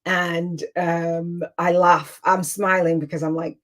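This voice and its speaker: A woman's voice: fairly low pitch, steady tone, slow pace, few pauses. A middle-aged woman hosting a casual online coaching session, talking in a chatty, emotional, rambling way with many restarts. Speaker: business coach and host.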